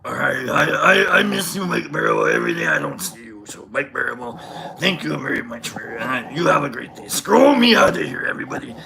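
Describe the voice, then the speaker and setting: A man's voice: medium pitch, huge pitch swings, a little fast, vocal fry, crowd noise. A man hosting a livestream who tells a rambling, casual story, swearing freely and restarting his sentences often. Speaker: livestream host.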